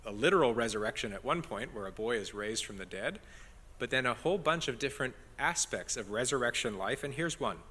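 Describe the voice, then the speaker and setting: A man's voice: mid-range voice, expressive, brisk, bright, forceful tone, husky, big-room sound. A man preaching an expository sermon as pastor, earnest and building emphasis on key phrases.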